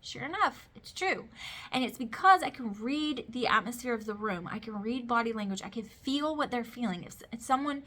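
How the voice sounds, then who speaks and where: Brief: chatty thirtysomething mom vlogger, higher pitch, bright and forceful tone, rambling storyteller. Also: female voice, expressive, fairly quick, hardly any pauses. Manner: chatty, emphatic, storytelling with lots of "like". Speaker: vlogger, mother of boys. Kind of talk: casual talking-to-camera chat.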